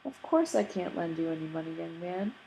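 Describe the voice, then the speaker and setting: A stern, busy older rabbi who talks in cross, clipped, formal sentences, voiced by a woman reading aloud. His voice sits low and gravelly. There is a faint hiss behind it. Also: lively intonation, a little fast, mellow, rough recording. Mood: curt.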